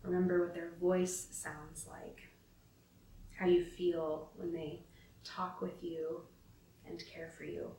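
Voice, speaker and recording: A woman leading a spoken devotion, slow, gentle and reflective, inviting listeners into a prayerful practice. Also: fairly low pitch, flat delivery, slight background noise. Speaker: devotion leader. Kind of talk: spoken devotion with scripture reading. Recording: roomy, from a distance.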